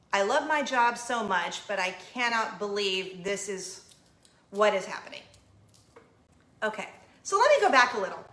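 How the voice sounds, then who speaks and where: Mom in her 30s telling a wild story, bright lively voice, kinda echoey room. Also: a little high. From not from Florida. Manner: animated, acts out quoted voices, laughs. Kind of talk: casual storytelling to camera.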